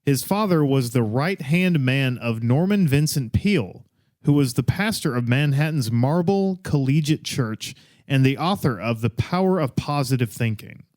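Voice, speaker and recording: Man, podcast co-host, quick quips, dry close sound. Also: medium pitch, expressive, a little mellow, dry recording. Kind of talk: casual chat, then reading true-crime notes.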